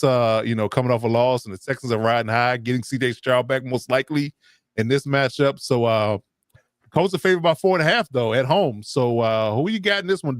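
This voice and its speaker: Relaxed male podcast host, mid-range voice, dry close sound. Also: dry recording. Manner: relaxed, filler-heavy, turns up pitch when leading in. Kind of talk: casual sports podcast chat.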